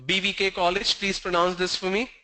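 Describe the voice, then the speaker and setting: High, bright-voiced man teaching pronunciation. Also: little pitch movement, rough recording. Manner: drills word lists slowly, stressing each sound; tells stories to the class. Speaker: pronunciation trainer. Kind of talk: online pronunciation lesson.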